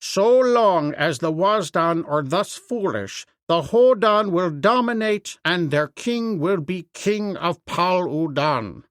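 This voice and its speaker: A man's voice: sits high, expressive, takes it slowly, hardly any pauses, fairly bright tone, dry recording, clean studio sound, heavily acted. A man reading as a proud, fiery young warrior. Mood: scornful.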